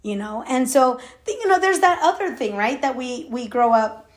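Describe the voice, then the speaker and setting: A woman's voice: high-pitched, lively intonation, moderate pace. A woman in her thirties talking candidly to her viewers in a confiding, emphatic way, laughing between thoughts. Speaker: vlogger. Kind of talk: candid personal talk to camera.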